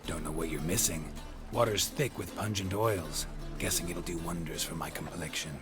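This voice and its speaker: An actor playing a gruff middle-aged monster hunter in a video game, terse and sardonic. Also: male voice, low-pitched, fairly even intonation, moderate pace, over loud music, natural voice. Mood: wry.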